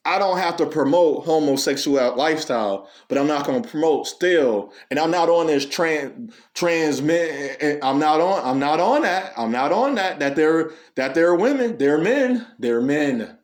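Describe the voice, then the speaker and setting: A man, delivering an unscripted monologue in a preachy way, full of rhetorical questions and animated storytelling. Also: on the high side, moderate pace, few pauses. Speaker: commentary channel host.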